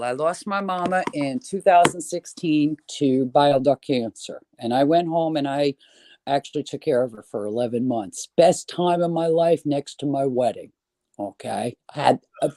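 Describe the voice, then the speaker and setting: Retired New York man, talkative storyteller, higher voice, close dry sound. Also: no echo. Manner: chatty storyteller, lively and swearing now and then. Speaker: guest. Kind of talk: casual chat.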